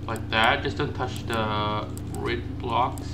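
A man doing gameplay commentary, panicky and self-mocking, repeating words in nervous bursts and shrieking high when caught. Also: unhurried, few pauses, heavy background noise. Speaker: gaming YouTuber.

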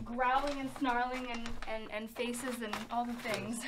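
Giggly unsure actress on a noisy set. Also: female voice, on the high side. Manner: giggly and unsure, asking for direction. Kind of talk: unscripted chat between takes. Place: busy indie film set.

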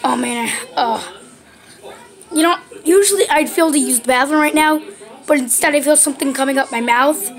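A woman's voice: high-pitched, normal speed. A woman voicing a burping plush Bert. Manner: fumbling, full of ums and restarts. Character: goofy plush Bert puppet, grown male, always burping.

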